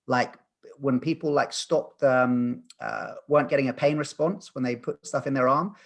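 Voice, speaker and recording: A man in his thirties, a podcast guest, telling a personal story in an earnest, animated way with frequent restarts. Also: medium pitch, normal speed, vocal fry. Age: 30s. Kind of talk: storytelling in conversation.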